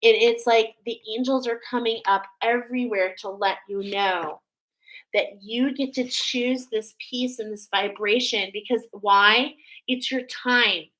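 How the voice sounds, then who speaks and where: Woman, oracle card reader; slow, awed, affirming delivery with a bright, forward tone. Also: fairly high pitch, steady tone, rough recording. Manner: emotional, breathy awe, affirming. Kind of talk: spiritual card reading to viewers.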